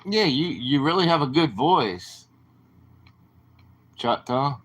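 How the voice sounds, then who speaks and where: A man's voice: medium pitch, big pitch swings, slow pace, fairly bright tone, husky. A man with a southern drawl, rambling casually to viewers on his late-night livestream. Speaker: livestream host.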